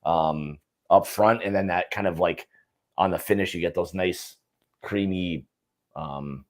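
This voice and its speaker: Low-voiced man in casual whiskey chat. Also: measured pace. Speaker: host of a whiskey livestream.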